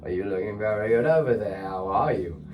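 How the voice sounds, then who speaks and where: A man's voice: fairly low pitch, expressive, brisk, recorded from a distance, dull audio, a little hiss or hum, lightly acted. A man doing a made-up British accent as a cheerful, swaggering fellow, playful and sing-song. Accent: British, put on.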